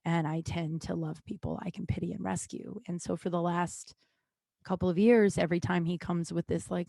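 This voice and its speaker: A woman hosting her own podcast, talking in a rambling, unscripted way, swearing often, restarting sentences and swinging between loud and quiet. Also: on the low side, fairly even intonation, a little fast, no room sound. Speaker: podcast host. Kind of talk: casual monologue.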